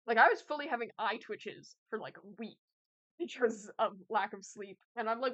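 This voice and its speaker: A woman's voice: a little high, moderate pace, fairly bright tone. A young woman streamer chatting casually with her viewers, rambling with lots of fillers and laughs. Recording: slightly dull lo-fi audio.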